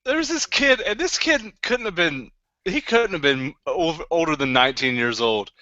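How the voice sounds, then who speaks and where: High, lively man telling stories, laughing. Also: normal speed, dry recording. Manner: laughing, swearing, acting out quotes. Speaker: podcast co-host. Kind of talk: casual drunk storytelling chat. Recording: muffled lo-fi podcast mic.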